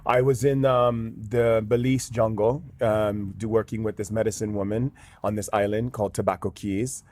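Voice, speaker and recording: A man's voice: lowish voice, flat delivery, moderate pace, darkish tone, dry recording. A man, a guest shaman in an interview, telling a story earnestly with many fillers. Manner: earnest, with frequent "um" and "like".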